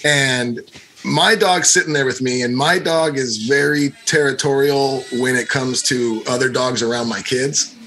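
A man's voice: mid-range voice, fairly even intonation, unhurried, fairly bright tone. A middle-aged man co-hosting a podcast, telling a story casually and animatedly, swearing and using many fillers. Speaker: podcast co-host.

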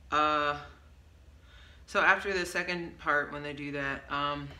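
A songwriter chats casually in a vlog about her song, taking it slowly in a low-pitched, steady voice. She rambles loosely, with frequent ums, and stops to correct herself. Faint background hiss and a roomy echo color the recording.

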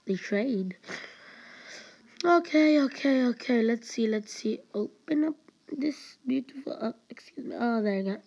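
A woman giving excited, meandering commentary while playing a game, full of fillers and exclamations. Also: a little high, a little slow, lo-fi sound. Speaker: gameplay streamer. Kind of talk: gameplay commentary.

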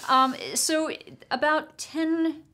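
A woman in casual conversation, telling a story in a wry, animated way and laughing mid-sentence. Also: high voice, extremely slow. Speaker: panel guest.

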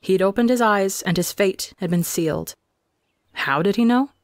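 Male reader for audio fiction; calm, measured delivery, dry close recording. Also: high-pitched, no room sound. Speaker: fanfiction reader. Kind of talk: scripted narration.

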